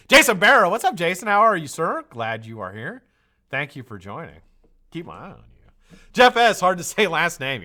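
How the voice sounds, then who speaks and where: A man from the United States hosting a live stream, greeting viewers by name in a loose, chatty way and drifting into tangents. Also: medium pitch. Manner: lively, chatty, jumps between shout-outs and tangents. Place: home studio.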